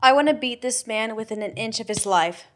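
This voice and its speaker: A young woman with a notably high voice co-hosts a casual podcast chat. She sounds blunt and fired up, swearing freely as she reacts. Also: lively intonation, a little fast, a bit bright. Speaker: podcast co-host.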